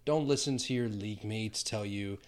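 A man co-hosting a podcast, giving tips in relaxed, teasing banter. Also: on the low side, normal speed. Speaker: podcast co-host. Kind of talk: casual chat.

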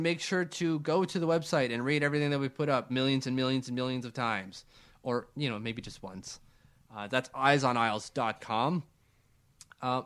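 A man from Canada co-hosting a casual sports podcast, relaxed and rambling, often restarting his sentences. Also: medium pitch, clean tone. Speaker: podcast co-host.

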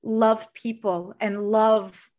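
A woman coach with a somewhat high voice speaks in an earnest, heartfelt way. She talks openly and with emotion in a warm-hearted conversation. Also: fairly even intonation, slow pace.

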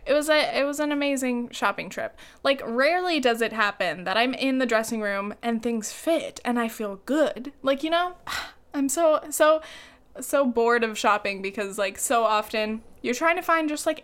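A young woman talks straight to her audience in a loose, casual vlog style, dropping fillers and curse words as she goes. Her voice sits a little high and comes through smooth and clear. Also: a bit bright. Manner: chatty, lots of "like" fillers, swears freely. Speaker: vlogger. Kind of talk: casual chat.

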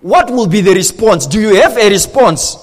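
High-voiced preacher man in a reverberant hall. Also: moderate pace. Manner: animated preaching with rhetorical questions to the congregation. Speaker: pastor. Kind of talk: sermon.

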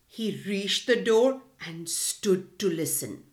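A woman reading a storybook aloud to children in an expressive, slow and clear manner. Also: mid-range voice.

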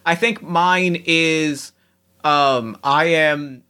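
A man's voice: fairly high pitch, very slow, bright, forceful tone, clean tone. Rambling, jokey man. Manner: rambling, self-interrupting, jokey. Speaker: tabletop game player. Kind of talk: casual chat.

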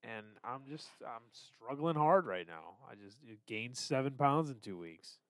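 A man's voice: medium pitch, lively intonation, unhurried, no room sound. A man co-hosting a podcast, talking candidly and self-deprecatingly about his struggles, swearing freely. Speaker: podcast co-host. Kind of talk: casual confessional chat.

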